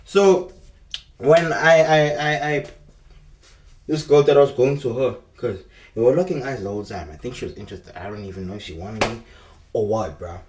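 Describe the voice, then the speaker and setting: Bro this, bro that: a young man with a South African accent rambles through a slangy, street-talk storytime at normal speed. His pitch is medium, and the distant mic picks up an echoey room with slight background noise.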